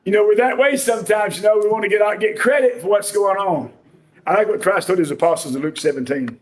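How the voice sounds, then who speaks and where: A man delivers a sermon in a folksy, conversational manner, slipping jokes and homespun stories into his points. His voice sits high for a man. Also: fast talker. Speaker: preacher.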